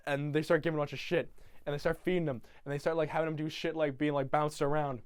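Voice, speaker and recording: A man's voice: fairly high pitch, flat delivery, quick pace, clear, resonant tone, no room sound, studio quality. A young man casually retelling a film from memory, rambling with many fillers and swearing. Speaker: YouTuber.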